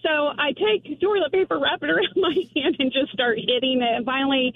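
Heard through a tinny phone line, a woman in her thirties with a high, bright voice tells a story as a caller. She talks in a lively, casual way, laughs often and acts out the people in her story. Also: fairly quick. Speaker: radio show caller. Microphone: telephone.

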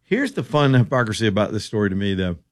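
A middle-aged man from the American South holds forth as a talk radio host. He speaks in a fairly low voice, sarcastic and folksy, rambling from point to point in an opinionated way. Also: big pitch swings, quick pace.

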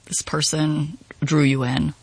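A woman's voice: sits low, level tone, takes it slowly, a little mellow, slightly rough, dry recording. A woman hosting a podcast, asking curious, probing questions and narrating the story. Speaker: podcast host. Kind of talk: interviewing and narration.

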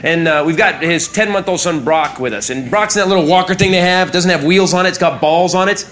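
A man's voice: sits high, fast talker, fairly bright tone. A man telling a stand-up story in a laid-back, wry way, chuckling at his own lines. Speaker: stand-up comedian. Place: comedy club stage. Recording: live club recording, audience noise.

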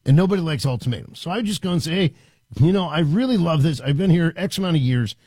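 Man in his fifties, husky voice, lively pitch, dry close sound, radio host giving career advice. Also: fast, dry recording. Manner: storytelling, animated, acts out quotes. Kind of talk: casual advice talk.

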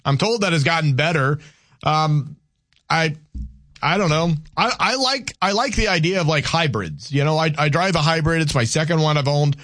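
Southern american man, radio host, slightly high voice, very dry close sound, halting restarts. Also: expressive, a bit bright, dry recording. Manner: halting, repeats words and restarts, argumentative with callers. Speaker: radio talk show host. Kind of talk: call-in radio talk.

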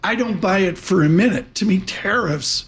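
A man's voice: sits high, moderate pace, fairly bright tone. A man hosting a live broadcast, chatty and rambling. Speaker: show host.

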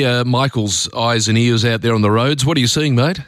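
A man's voice: mid-range voice, expressive, a little fast, hardly any pauses, a bit bright, no echo, clean studio sound. A man with an Australian accent hosting a talkback radio show, chatty and opinionated, rambling along with plenty of fillers.

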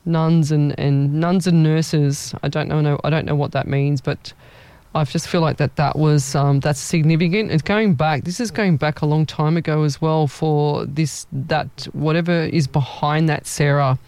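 Man, psychic medium, rambling live reading, fairly high voice, dry close sound. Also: fairly even intonation, normal speed, no room sound. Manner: chatty, rambling, self-mocking with frequent laughs; warm familiar address.

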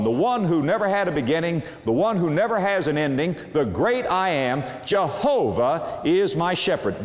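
A man preaching a sermon, slow and emphatic, with long dramatic pauses on key words. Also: medium pitch, in a large hall.

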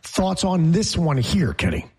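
A man with a slightly high, husky voice hosts a sports talk show. He talks casually and with opinion, reading the schedule and arguing his points. The delivery is animated and chatty. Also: a little slow. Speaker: sports radio host.

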